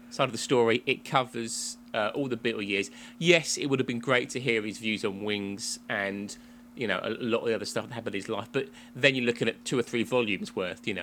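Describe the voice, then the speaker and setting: Englishman, podcast co-host, bright, rambling chatter, faint hum. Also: lowish voice. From England. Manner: chatty, laughs often, rambling restarts. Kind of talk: casual chat.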